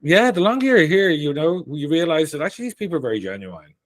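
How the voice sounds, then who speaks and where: A man with a Dublin Irish accent, a career coach talking as a guest in a casual interview, telling stories in an animated way and often laughing. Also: fairly high pitch, fast talker, dry recording. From Ireland.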